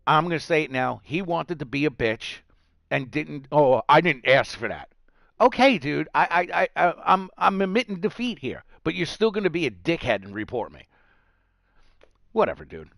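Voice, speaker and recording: Profane ranting New man, gravelly. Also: on the high side, sing-song, normal speed, fairly bright tone, no room sound, studio quality. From New York. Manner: heated, profane ranting with mocking put-on voices. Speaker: gaming vlogger. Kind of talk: angry rant to camera.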